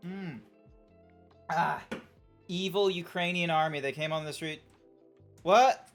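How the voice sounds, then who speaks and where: Slow and fairly low-voiced, an Australian woman chats casually with her live viewers on Twitch, rambling and swearing as she responds to the chat, with faint music in the background.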